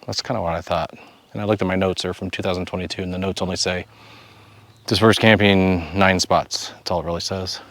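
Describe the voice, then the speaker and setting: Man vlogging outdoors, low-voiced. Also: steady tone, brisk, fairly bright tone, no room sound. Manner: joking, talks to himself while exploring. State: out of breath at altitude. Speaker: travel vlogger. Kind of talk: casual outdoor vlog narration. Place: outdoors by a mountain lake and in a vehicle.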